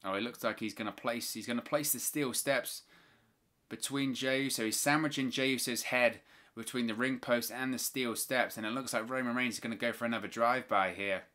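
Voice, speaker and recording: A man's voice: medium pitch, fairly even intonation, brisk, pushed and bright. A man hosting a live watch-along, giving play-by-play wrestling commentary with opinionated, exasperated asides.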